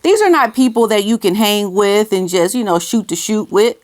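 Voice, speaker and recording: A woman's voice: medium pitch, animated, moderate pace. A woman giving casual opinion commentary on her vlog, emphatic and repeating her key phrases, sometimes talking aside to someone off camera. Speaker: commentary vlogger.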